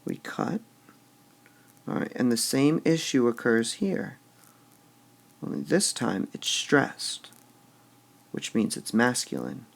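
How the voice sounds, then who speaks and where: Man, teacher, recorded lesson, lively pitch, slow, repeats words to show stress. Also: creaky. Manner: says "all right" often between steps. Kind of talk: recorded lesson explaining poetic meter.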